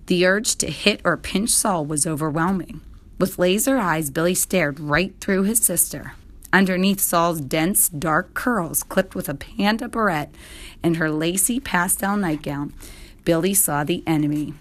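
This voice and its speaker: Give me a woman with a low voice narrating a children's story, steady and clear. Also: a little slow. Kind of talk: storybook reading.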